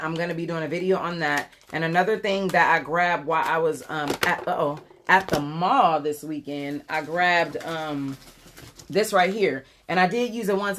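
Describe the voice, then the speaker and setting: A beauty vlogger in her forties does a live makeup tutorial, chatting casually and rambling with lots of ums as she answers viewers. Her voice is low and a bit bright, and the phone camera mic picks up a little hiss or hum.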